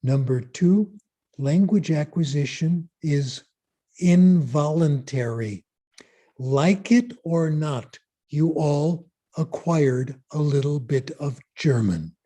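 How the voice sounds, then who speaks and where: A man giving a conference lecture, asking rhetorical questions and answering them in an emphatic, deliberate way. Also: fairly high pitch, dark tone. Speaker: conference speaker. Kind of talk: lecture on language learning.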